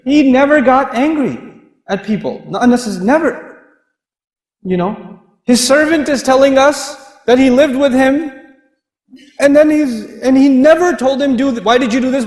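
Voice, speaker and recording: A man giving a lively Islamic lecture, an animated storyteller who laughs often as he talks. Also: extremely high pitch. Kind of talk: lively sermon with humorous stories. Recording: echoey hall reverb.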